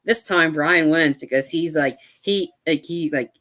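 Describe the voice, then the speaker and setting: A man co-hosting a podcast, excitedly recapping film scenes with lots of fillers and acted-out quotes. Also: on the high side, a little slow. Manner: animated retelling, acts out quotes, lots of fillers. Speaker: podcast co-host. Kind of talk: casual movie review chat.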